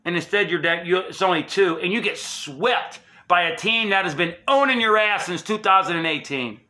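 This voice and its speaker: Male sports vlogger, high bright voice, heated emphatic rant with profanity. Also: lively intonation, moderate pace. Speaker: sports channel host. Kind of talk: angry fan rant.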